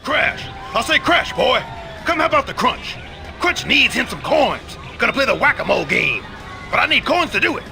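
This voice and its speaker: A boisterous, brawny game racer who shouts about himself in the third person. The voice sits very high and lively, with a bright, gravelly edge. Game music plays behind him. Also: male voice, moderate pace, crowd noise, heavily acted. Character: loud brawny big-brother racer man.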